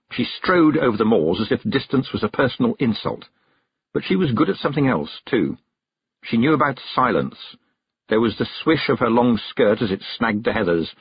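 A man narrating a fantasy novel aloud in a lively, expressive storytelling manner. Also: mid-range voice, husky, no room sound. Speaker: audiobook narrator. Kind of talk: scripted narration. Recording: dull, dry close recording.

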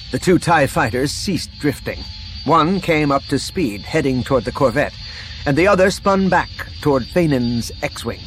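A man's voice: a little high, animated, normal speed, soft background music. A man narrating an action novel as an audiobook reader, reading expressively and voicing the characters' dialogue. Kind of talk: scripted narration.

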